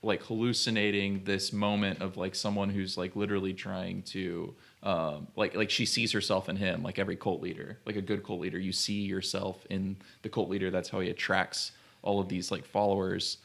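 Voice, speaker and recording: Young man, podcast co-host, low-pitched, rambling, filler-heavy casual talk. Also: level tone, moderate pace, creaky, hardly any pauses, fairly bright tone. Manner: rambling, many fillers, thinks aloud. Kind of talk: casual film discussion.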